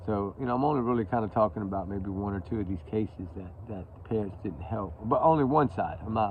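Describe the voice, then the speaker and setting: A man's voice: lowish voice, background noise. Drawling Texan man on tinny phone audio. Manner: drawling, rambling, with many restarts. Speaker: channel host talking about missing-person cases. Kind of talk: casual livestream talk. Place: outdoor backyard by a fire pit.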